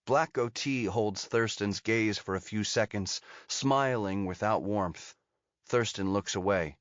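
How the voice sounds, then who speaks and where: A man narrating an audiobook thriller in a steady, measured storytelling manner. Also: on the low side, no room sound. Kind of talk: scripted narration. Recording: dull lo-fi dry audio.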